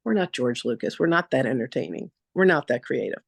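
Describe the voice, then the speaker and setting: A woman spiritual teacher leading a masterclass, telling stories in a chatty, animated way with lots of casual fillers. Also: extremely low pitch, fairly quick, gravelly, breathy edge, dry recording. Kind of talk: casual storytelling lecture.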